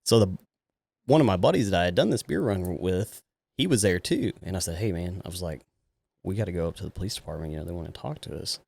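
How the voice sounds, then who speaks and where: A very deep-voiced man from Texas tells a story on a podcast, animated and quick to laugh as he acts out the people in it. The sound is dry and close, with no room echo. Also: vocal fry. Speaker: police officer guest. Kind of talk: casual storytelling interview.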